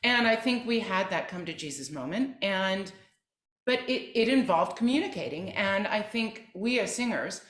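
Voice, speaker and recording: A woman's voice: mid-range voice, expressive, normal speed, fairly bright tone. A woman opera soprano, a guest on a podcast, earnestly giving advice in conversation. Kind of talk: interview conversation. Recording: roomy echo.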